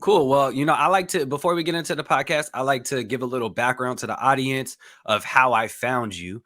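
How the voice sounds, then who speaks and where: A young man hosting a podcast with a bright, forceful voice. He talks in a relaxed, rambling way, full of "um" and "like", at a mid pitch. Casual interview chat. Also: fairly quick. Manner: relaxed, rambling, lots of fillers. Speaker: podcast host.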